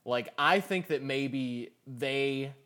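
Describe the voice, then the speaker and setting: A man's voice: mid-range voice, extremely slow, fairly bright tone. A man co-hosting a casual podcast, speaking hesitantly and repeating words as he works out his thoughts. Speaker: podcast co-host. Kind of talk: casual chat.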